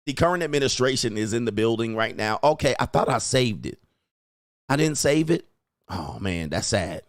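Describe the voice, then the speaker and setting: A man hosting a livestream, reacting in casual commentary with drawn-out exclamations and chuckles. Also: medium pitch, expressive, dry recording, clean studio sound. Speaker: livestream host.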